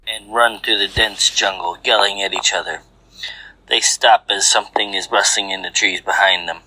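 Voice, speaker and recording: A man narrating a fanfiction story aloud in a steady, measured way. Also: on the low side, husky, dry recording, low-quality recording.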